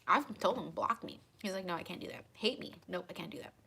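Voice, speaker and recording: Woman vlogger, lowish voice, animated storyteller, faint hiss behind. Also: fast talker, gravelly. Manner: animated, dramatic retelling with many fillers. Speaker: tarot channel host. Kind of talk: casual storytelling to viewers.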